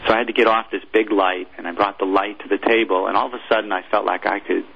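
This ex-military chaplain tells an interviewer about his own experience, stumbling and repeating words. His pitch is fairly low and his tone steady, with creak and a breathy edge, all captured on dull-sounding audio.

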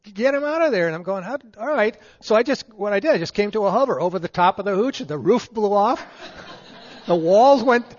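An older man with a high, light voice tells stories with a laugh running through them. He speaks into a handheld mic in a meeting hall, and the sound is muffled, with a long reverb trailing behind him. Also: fairly quick. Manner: chuckles through his stories, animated. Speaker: veteran and event emcee. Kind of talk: anecdotal storytelling to an audience. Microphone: handheld microphone.

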